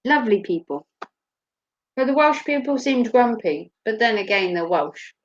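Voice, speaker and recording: A woman's voice: on the high side, expressive, normal speed. A woman from Norfolk with a Norfolk English accent, hosting a casual chat in a blunt, joking way and laughing often. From Norfolk, England. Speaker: host. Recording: muffled lo-fi recording.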